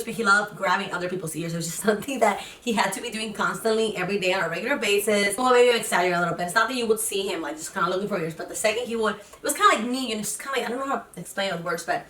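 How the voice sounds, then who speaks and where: A young woman talking fast and casually to camera, rambling with lots of fillers and restarts. Her voice sounds a bit distant from the mic, and the room gives it a noticeable echo. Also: mid-range voice, fairly bright tone, a little hiss or hum. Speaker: vlogger. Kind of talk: casual personal vlog.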